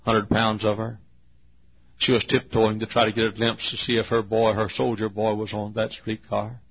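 A man's voice: fairly low pitch, flat delivery, moderate pace, creaky, slightly rough. A man in his fifties preaching a sermon, telling a folksy personal story and rising into fervent exhortation. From Texas. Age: 50s. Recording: dull lo-fi sermon recording.

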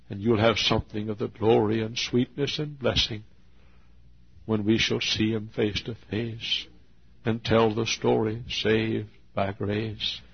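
A man's voice: fairly low pitch, creaky, breathy edge. A man in his fifties preaching a sermon, telling a folksy personal story and rising into fervent exhortation. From Texas. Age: 50s. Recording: dull lo-fi sermon recording.

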